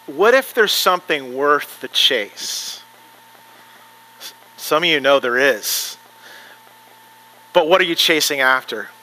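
A male pastor giving a sermon in a church, moving from earnest prayer to chatty, animated storytelling. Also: fairly high pitch, takes it slowly, long pauses, rough recording. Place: church sanctuary.

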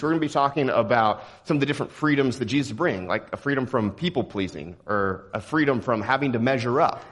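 A young man from Texas preaching a sermon in a relaxed, joking, conversational way. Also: mid-range voice. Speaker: pastor.

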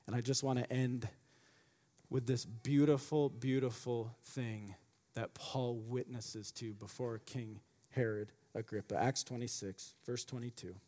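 A man preaching a sermon as pastor, swinging from loud emphatic questions to soft, low asides. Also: measured pace. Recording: long reverb of a large hall.

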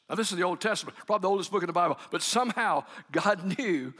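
A man's voice: high voice, animated, fast, pushed and bright, in a large hall. A man preaching a sermon in a folksy, joking way, often laughing and acting out quotes. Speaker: pastor.

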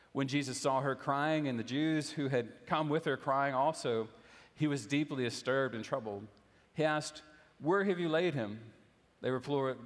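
A young man preaching a sermon as a pastor, conversational and gently humorous, with casual fillers. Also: mid-range voice. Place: church sanctuary. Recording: long hall reverb.

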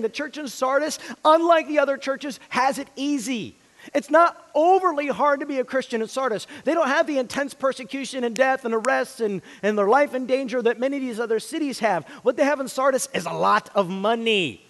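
A man preaching a sermon, swinging between loud emphasis and hushed, quiet lines. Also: extremely high pitch, animated, brisk, long reverb tail. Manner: dynamic delivery, swinging from loud emphasis to hushed near-whispers. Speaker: pastor.

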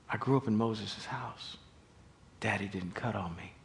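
A middle-aged man as pastor, preaching a sermon in a conversational, animated storytelling way. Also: fairly low pitch, unhurried, creaky, a little hiss or hum.

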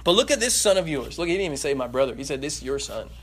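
A man preaching a sermon in a lively way, acting out the voices in the story and joking with the congregation. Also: on the high side, very fast. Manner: animated, acts out voices, laughs and jokes.

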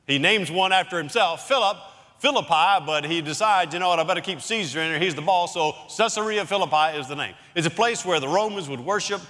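Male pastor, slightly high bright voice, expository sermon with emphatic pauses in a church sanctuary. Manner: expository Bible teaching, emphatic dramatic pauses. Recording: long hall reverb.

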